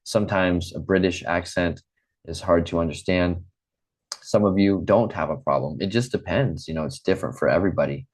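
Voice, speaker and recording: Deep-voiced American man teaching English online. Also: fairly quick. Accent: General American. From Midwest United States. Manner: encouraging, repeats phrases, frequent ums.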